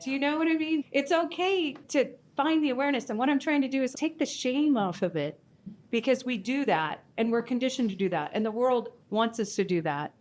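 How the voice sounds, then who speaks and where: An animated woman on a live panel, swinging her voice up and down as she acts out her own inner voice. She talks with warmth and humor about herself, at a community event. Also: high-pitched, brisk.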